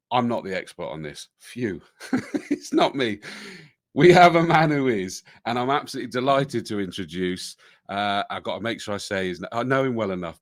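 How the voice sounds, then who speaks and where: A man's voice: on the low side, dry recording, clean studio sound. A British man hosting a podcast, chatting casually with a jokey, self-deprecating manner. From Britain. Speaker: podcast host.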